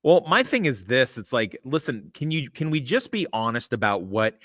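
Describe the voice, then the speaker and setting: A man's voice: medium pitch, big pitch swings, normal speed, fairly bright tone, no echo, clean studio sound. A man hosting a casual podcast chat, rambling and cursing freely while he gives blunt opinions. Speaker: podcast host. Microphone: remote call mic.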